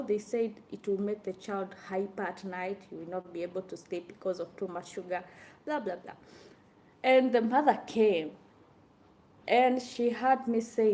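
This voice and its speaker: A young woman talking casually to viewers about her hard time working as a nanny, telling it in an animated, exasperated way. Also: mid-range voice, normal speed, slight background noise. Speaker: former nanny sharing experiences. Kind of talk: casual vlog talk to viewers.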